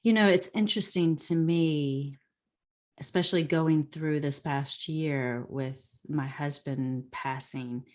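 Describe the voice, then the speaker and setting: A woman hosts an interview podcast in a very low voice. She speaks slowly, choosing her words with care as she asks questions. She often backs up and rephrases while she works toward her point. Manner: thoughtful, searching for words. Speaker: podcast host.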